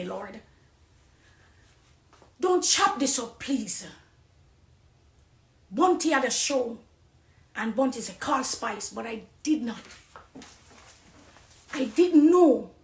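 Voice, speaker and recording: A woman with a Jamaican accent gives an impassioned testimony, pleading one moment and loud and emphatic the next. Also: a little high, gravelly, echoey room.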